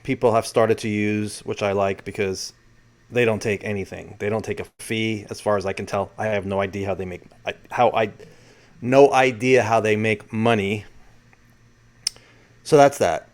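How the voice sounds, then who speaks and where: A man's voice: on the low side, fairly even intonation, normal speed. Rambling male video host. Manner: chatty and rambling, with self-corrections. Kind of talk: casual solo commentary.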